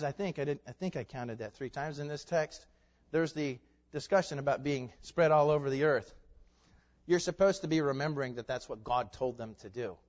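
Male preacher, higher-pitched voice, dull sound that rings in a long hall reverb. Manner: animated, rising to loud emphatic peaks, laughing asides. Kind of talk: sermon.

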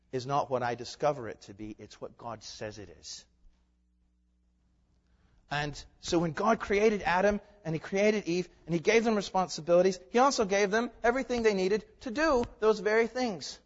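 Animated preacher man in a reverberant hall. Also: a little high. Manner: animated preaching, swings from loud emphatic to quiet asides. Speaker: pastor. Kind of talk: sermon. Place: church. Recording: dull sound with long hall reverb.

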